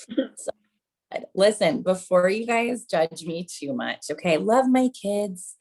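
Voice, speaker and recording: Slow and animated, with a medium pitch and a darkish tone, a stand-up comedian in her thirties works through self-mocking mom jokes. Her style is chatty, and she often calls the audience "you guys."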